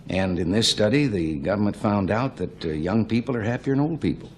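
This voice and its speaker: A man's voice: fairly low pitch, expressive, fairly quick, slight background noise. An older man from the American Midwest, a politician guest talking about government on a talk show in a plainspoken, wry, anecdotal way. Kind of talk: folksy talk-show conversation.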